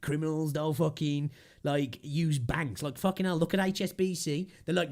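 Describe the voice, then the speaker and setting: A man's voice: fairly high pitch, fairly even intonation, moderate pace, darkish tone. A young man ranting casually on a livestream, swearing constantly and rambling with fillers, with a slightly sore throat. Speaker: streamer.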